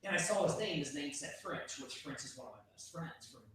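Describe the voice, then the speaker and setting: A man's voice: a little high, lively intonation, brisk, a bit bright. A man hosting a casual talk show, telling a story with lots of swearing and acting out the dialogue. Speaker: podcast host. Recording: echoey room, distant mic, faint noise.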